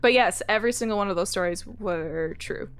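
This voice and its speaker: A woman's voice: medium pitch, brisk, smooth, dry recording. A woman co-hosting a casual movie podcast, playful and teasing, laughing often as she talks. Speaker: podcast co-host.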